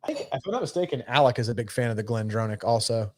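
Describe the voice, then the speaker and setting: A man's voice: mid-range voice, animated, rapid-fire, dry recording. A man co-hosting a podcast, chatting casually in a laid-back, rambling way with plenty of fillers and swearing. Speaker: podcast co-host. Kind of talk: casual chat.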